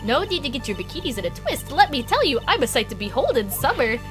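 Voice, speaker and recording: A woman's voice: high voice, sing-song, fast, soft background music, voice pushed up. A woman voicing a cheery, chatty old head nun in a video game, with a folksy, teasing manner. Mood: cheerful. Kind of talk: game dialogue read aloud.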